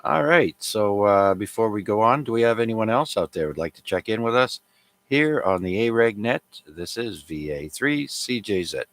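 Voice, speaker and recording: A man runs a casual amateur radio net in a slightly low voice. He talks in a relaxed, chatty way with plenty of fillers. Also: normal speed, no room sound.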